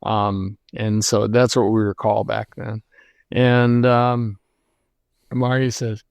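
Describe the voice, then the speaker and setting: An older man, a lighting designer guest, telling stories in a relaxed interview with many fillers. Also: on the low side, slow, creaky, clean tone, dry recording, highs cut off. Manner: reflective storytelling, many fillers. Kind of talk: casual interview conversation.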